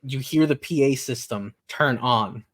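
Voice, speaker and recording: A man's voice: mid-range voice, unhurried, fairly bright tone, breathy edge. A man narrating as game master for a tabletop role-playing game, talking loosely with frequent fillers and restarts.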